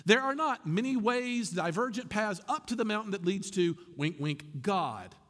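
A man's voice: high voice, expressive, moderate pace, a bit bright, in a large hall. A male pastor preaching a sermon in a conversational way, turning often to speak straight to his listeners.

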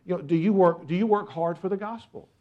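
A man's voice: high voice, fast talker, highs cut off. A man preaching a sermon, earnest, with repeated rhetorical questions. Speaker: pastor.

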